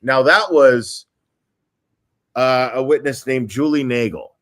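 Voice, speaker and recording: A man's voice: medium pitch, slow, a bit bright. A male host on a casual livestream, explaining a timeline step by step with frequent ums and uhs.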